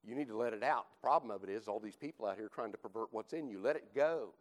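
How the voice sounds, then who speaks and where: A man's voice: fairly low pitch, quick pace, poor audio. Emphatic male Bible class teacher. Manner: emphatic, repeats points, rhetorical "right?". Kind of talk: teaching sermon.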